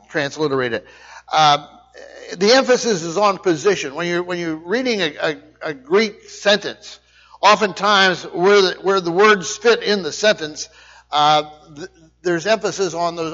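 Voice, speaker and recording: Male preacher, high voice, explanatory teaching sermon, dull lo-fi sound. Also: fairly bright tone. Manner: explanatory, questions to the congregation. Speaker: Bible teacher.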